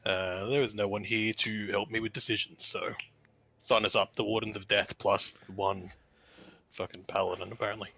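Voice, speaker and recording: A man's voice: fairly low pitch, level tone, normal speed, vocal fry, pushed and bright, slightly rough, dry recording. A man playing his character at a tabletop game, blunt and sardonic. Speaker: player.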